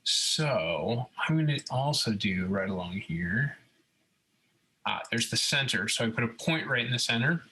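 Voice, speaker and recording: A man's voice: medium pitch, a little slow, a little hiss or hum, rough recording. A man talking through a computer design tutorial step by step, checking in often with listeners. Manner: relaxed step-by-step explaining, frequent "okay?" check-ins. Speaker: robotics instructor. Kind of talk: screen-recorded CAD tutorial.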